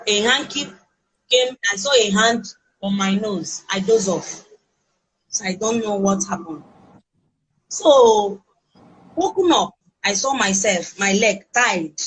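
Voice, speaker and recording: Woman, Nigerian accent, breathy, emotional halting testimony, mid-pitched. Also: a bit bright, low-quality recording. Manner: halting, emotional storytelling with restarts. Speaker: interviewee recounting a kidnapping. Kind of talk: personal testimony.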